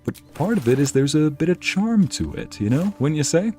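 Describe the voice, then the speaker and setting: A man's voice: on the high side, big pitch swings, normal speed, a little mellow, soft background music. A man streaming a game, chatting casually and musing aloud as he reads out messages from his chat.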